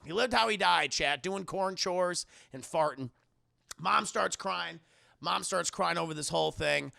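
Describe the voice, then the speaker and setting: A man's voice: high-pitched, unhurried, vocal fry, sharp tone. A young man streaming a casual, profane movie recap while talking to his chat.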